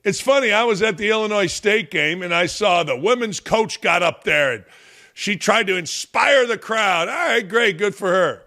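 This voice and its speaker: A man's voice: high-pitched, expressive, moderate pace. A man hosting his own talk show, ranting in a brash, mocking way. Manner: brash, mocking, loud jabs. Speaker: podcast host. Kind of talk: opinion rant on a talk show.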